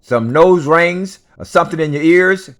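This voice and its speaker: A man's voice: a little high, normal speed, a bit bright. A man delivering an unscripted rant, blunt and profane, lecturing his listeners and hammering each point home with repetition.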